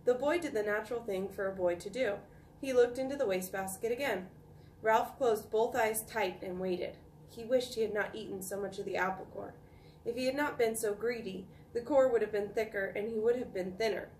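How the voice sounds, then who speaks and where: A woman teacher reading a children's chapter book aloud with calm, expressive storytelling. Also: mid-range voice, fairly quick. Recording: echoey room, distant mic, faint noise.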